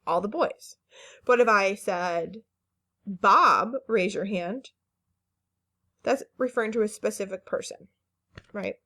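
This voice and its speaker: A woman teaching a phonics lesson to children, speaking slowly and carefully, stretching each word and encouraging the class. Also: on the high side, a bit bright. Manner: slow, careful word-by-word enunciation; patient and encouraging, with fillers.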